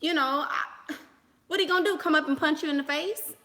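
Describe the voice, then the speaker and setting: Her voice sits high, with a sharp tone and a fairly quick pace. The vlogger answers dating questions from viewers in a sassy, blunt, dismissive way, laughing often, repeating lines for emphasis, and peppering her casual advice with "honey" and "girl."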